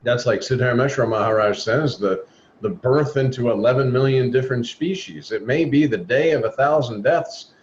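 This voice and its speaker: A man's voice: mid-range voice, normal speed. A man leading a spiritual talk over a video call, speaking earnestly and exhorting his listeners. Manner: earnest, exhorting, acts out quoted voices. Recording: dull lo-fi video call audio with faint noise.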